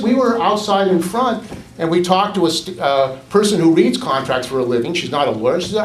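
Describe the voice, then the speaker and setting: A high-voiced man speaks at the podium of a public board meeting. He is indignant and accusatory, and he hammers his points home by repeating them. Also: animated, a little fast, slight background noise. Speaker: public commenter.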